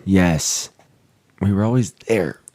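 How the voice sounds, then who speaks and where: A man co-hosting a casual sports podcast, talking in a low, mellow voice. He tells stories excitedly and leans into jokey exaggeration. The sound is dry and close. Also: slow pace, no echo. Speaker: podcast co-host.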